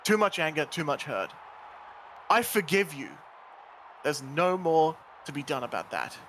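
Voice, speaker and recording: A man plays a hot-headed wrestler in a homemade voice drama, with a high voice that swings wildly up and down as he snarls and curses. His tone is bright and tight, and a faint hiss of noise sits under it. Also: big pitch swings, a little slow. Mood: resolute. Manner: snarling, explosive, swears often. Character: angry volatile male wrestler, hot-tempered. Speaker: wrestler character. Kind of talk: amateur voice drama in a game.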